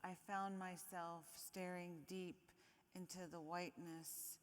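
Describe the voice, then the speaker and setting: A woman reading a letter poem aloud in a measured, deliberate way at a conference reading. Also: lowish voice, level tone. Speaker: poet reading. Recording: reverberant hall.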